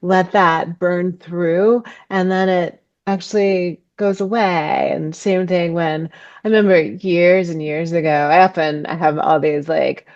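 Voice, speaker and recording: Slow, low-voiced thoughtful woman guest. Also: fairly even intonation, a little mellow, no room sound, muffled recording. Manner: thoughtful, halting, many ums. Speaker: podcast guest, ecopsychology author. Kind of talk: reflective interview conversation.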